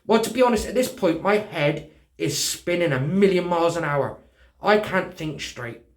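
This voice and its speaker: A man's voice: sits high, normal speed, reverberant. A man with a British accent telling a personal story in casual talk, acting out the dialogue and swearing freely. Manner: animated, swearing, acts out dialogue.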